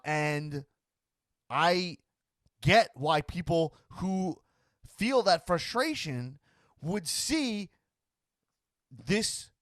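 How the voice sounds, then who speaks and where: In casual chat on his talk show, a male podcast host wanders off track, stumbling over repeats, restarting sentences and slipping into impressions of others partway through. His voice is a little high and a bit bright, captured in echo-free studio quality.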